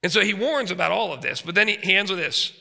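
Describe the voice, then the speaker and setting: Male preacher, forties, gravelly edge, very bright forceful tone, emphatic sermon delivery, reverberant hall. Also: high-pitched, animated, fast talker. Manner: emphatic, frequent rhetorical checks with the audience. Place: seminary chapel.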